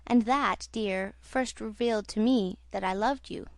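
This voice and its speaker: A woman reading the part of an earnest young female opera singer in an audiobook, in a soft confiding tone. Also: medium pitch, a little slow, dry recording, close to an everyday voice.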